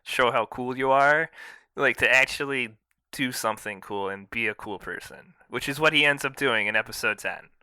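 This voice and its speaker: A man talking casually on a podcast, often acting out characters' lines in animated bursts. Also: mid-range voice, smooth, no room sound. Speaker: podcast co-host.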